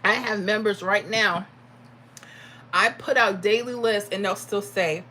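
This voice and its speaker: A woman's voice: medium pitch, moderate pace, pushed and bright, slight background noise, rough recording. A woman from Florida, hosting a casual livestream and answering viewer comments. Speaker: livestream host.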